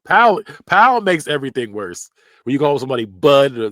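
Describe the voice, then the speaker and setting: A man's voice: mid-range voice, moderate pace, no echo, clean studio sound. A man hosting a podcast, ranking phrases in a blunt, slangy way and laughing often as he mimics them. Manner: animated, laughs often, repeats phrases in mock voices. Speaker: podcast host. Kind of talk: casual tier-list commentary.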